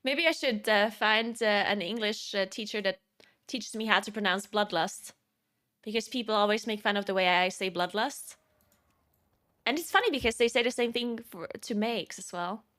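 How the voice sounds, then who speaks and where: A woman's voice: medium pitch, normal speed, a bit bright. A woman streamer chatting casually in a rambling way, laughing often.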